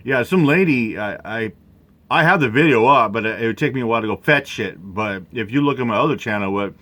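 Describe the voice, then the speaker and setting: A man giving rambling casual commentary over a video, halting often with fillers and restarts. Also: medium pitch, animated, a bit bright.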